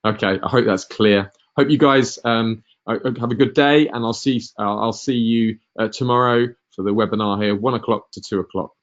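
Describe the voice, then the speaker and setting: A man's voice: fairly low pitch, fairly even intonation, normal speed, few pauses, muffled recording. A man hosting a live market-analysis webinar, answering viewer questions with many ums, uhs and restarts.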